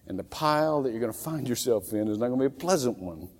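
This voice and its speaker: A man preaching a sermon as a pastor, swinging from loud acted outbursts to soft, near-whispered pleas. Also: medium pitch, lively intonation, fast. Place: church sanctuary. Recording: long hall reverb from a church.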